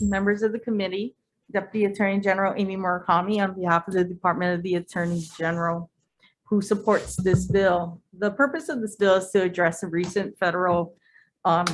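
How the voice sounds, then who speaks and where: A woman testifying as a government attorney at a legislative hearing, measured and formal with occasional hesitations. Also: lowish voice, low-quality recording. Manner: measured, with occasional fillers and restarts. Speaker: deputy attorney general testifying.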